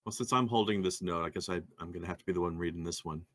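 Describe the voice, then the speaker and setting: A man's voice: low voice, very fast, fairly bright tone, dry recording, studio quality. A man playing his character in a tabletop game, dropping articles and restarting his sentences as he talks. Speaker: player.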